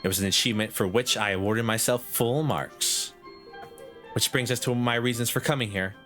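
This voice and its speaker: A man's voice: mid-range voice, moderate pace, sharp tone, soft background music, close to an everyday voice. A man voicing a haughty woman professor who grades everyone, reading in a prim, lecturing Valley Girl lilt.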